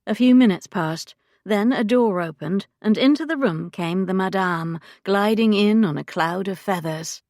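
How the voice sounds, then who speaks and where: A woman narrating a historical romance audiobook in a measured, wry storytelling manner. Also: medium pitch, a little mellow, no room sound, clean studio sound. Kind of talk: scripted narration.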